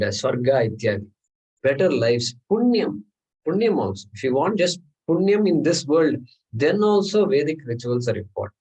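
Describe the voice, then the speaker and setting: A man's voice: mid-range voice, a little mellow, husky, rough recording. A man teaching a scripture class, explaining step by step, often checking in with "okay?" and asking the class rhetorical questions. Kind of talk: classroom lecture. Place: class room.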